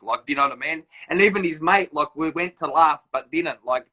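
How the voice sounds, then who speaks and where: A man's voice: on the high side, quick pace, few pauses, slightly rough. A man hosting a live video chat, telling stories in a loose, slangy way. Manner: animated storytelling, slangy. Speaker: host. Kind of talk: casual live-stream chat. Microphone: phone or laptop on a live video call.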